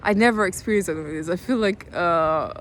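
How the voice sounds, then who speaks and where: A young woman in her twenties with a Dutch accent, speaking in a halting personal video diary, calm and low-key, often close to tears, with many pauses and restarts. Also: a little hiss or hum. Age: 20s. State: near tears.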